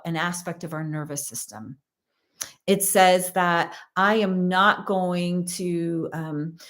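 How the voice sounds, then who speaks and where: A woman host talking candidly in a personal, reflective monologue, earnest and full of fillers and restarts. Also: medium pitch. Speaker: host and course teacher.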